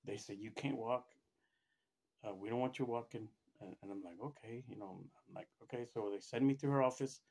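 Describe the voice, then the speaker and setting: Middle-aged man, plain mid voice, loose first-person storytelling with lots of restarts and animated quotes. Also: brisk, breathy edge. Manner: rambling, acts out quoted voices with raised pitch, many restarts. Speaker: storyteller recounting his own experience.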